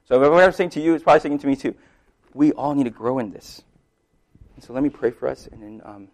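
A man preaching in a relaxed, conversational way, like a pastor talking with his congregation. His voice sits at an ordinary middle pitch. He drops to near-quiet asides, then rises to emphatic points, checking in with his listeners as he goes. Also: fast talker. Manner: conversational, lots of "right?" asides and laughs; loudness swings widely between soft and emphatic. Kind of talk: sermon.

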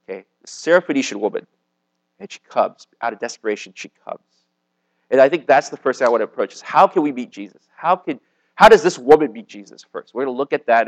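A man, likely a youth pastor, preaches a casual sermon to a young live audience in a meeting room. He talks conversationally, saying "like" and "okay?" a lot. His voice is mid-range, and the recording is rough.

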